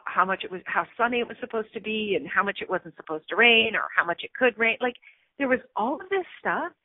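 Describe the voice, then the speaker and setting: A middle-aged woman who coaches and hosts a radio talk show tells a personal story candidly and chattily, getting teary at times and using lots of fillers. Her voice is mid-range with no room sound, though it comes through a tinny phone line.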